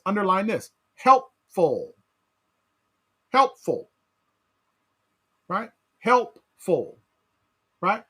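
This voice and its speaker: Man, pastor, Bible study teaching, animated delivery, bright tone, questions to the class. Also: high voice.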